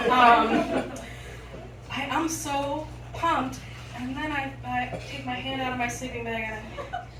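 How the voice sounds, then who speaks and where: A young adult woman telling a funny story live on a club stage, animated and often laughing as she acts out voices. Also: on the high side, heavy background noise. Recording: echoey room, from far off, audible ambience.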